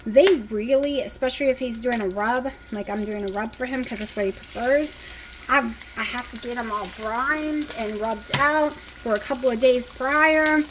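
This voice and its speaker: Speaking at normal speed in a fairly high voice, a tired woman with a Southern country accent chats and rambles while cooking in her home kitchen. It's a phone-recorded vlog with background noise, and she sometimes talks while chewing.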